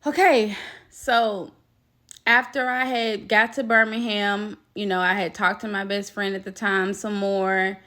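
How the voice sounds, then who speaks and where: A woman recounts her own story to the camera, speaking to viewers directly and emphatically. Her voice is bright and edged, and she takes her time over each phrase. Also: medium pitch, fairly even intonation, measured pace. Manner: emphatic, talks straight to viewers, acts out quoted voices. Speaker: vlogger telling a personal story. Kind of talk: casual storytime.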